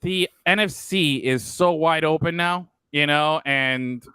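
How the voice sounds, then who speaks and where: A man's voice: on the high side, slow pace, sharp tone, clear, resonant tone, no echo. A man co-hosting a casual sports talk show, loose and profane, rambling with plenty of fillers. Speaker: podcast co-host.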